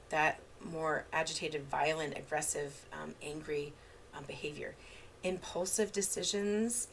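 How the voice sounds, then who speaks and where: A woman's voice: deep voice, gravelly, fairly bright tone, a little hiss or hum. A woman therapist giving an unscripted online training in a casual way, full of fillers and restarts, with examples from her own parenting. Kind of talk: unscripted lecture.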